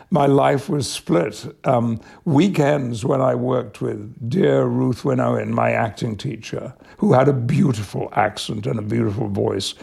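An older man tells reflective stories as an interview guest. His voice is heavily gravelly and husky. He speaks at an easy, measured pace. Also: mid-range voice, a little mellow. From Yorkshire, England. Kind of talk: reflective storytelling.

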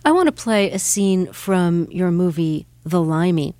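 A woman interviewer with a fairly low voice, setting up clips and asking careful, deliberate questions. Her voice is close and dry on the mic. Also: dark tone, dry recording. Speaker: radio interviewer.

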